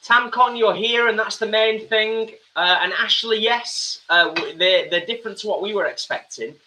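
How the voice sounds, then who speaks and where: Casting: man, higher voice with a bright edge, easygoing live-stream co-host. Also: moderate pace, poor audio. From England. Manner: relaxed, reads viewer comments aloud. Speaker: cooking show co-host. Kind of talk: live cooking stream chat. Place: home kitchen.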